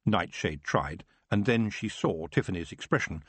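Husky low-voiced male narrator, expressive. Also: normal speed, no echo. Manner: expressive storytelling. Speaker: audiobook narrator. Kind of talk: scripted narration.

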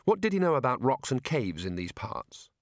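A male narrator reads a comic fantasy with a wry, expressive delivery, his pitch rising and falling freely through the sentences. His voice sits at a middle height and the recording is close and dry, with no room sound. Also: normal speed, no room sound. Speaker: audiobook narrator. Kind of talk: scripted narration.

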